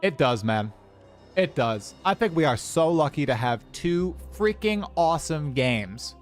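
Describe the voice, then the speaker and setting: A young man chatting casually on a livestream, rambling and animated as he talks to his chat. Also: a little high, measured pace, soft background music. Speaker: streamer.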